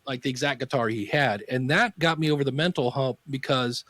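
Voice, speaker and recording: A man's voice: medium pitch, brisk, no echo. A man in his fifties telling stories as a podcast guest, acting out the voices of people in them. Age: 50s. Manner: animated storyteller acting out quoted voices. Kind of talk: casual interview storytelling.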